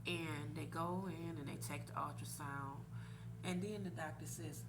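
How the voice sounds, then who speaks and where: A woman's voice: low voice, steady tone, unhurried, soft background music. A woman in her forties, a podcast host telling a personal story candidly and animatedly, laughing now and then.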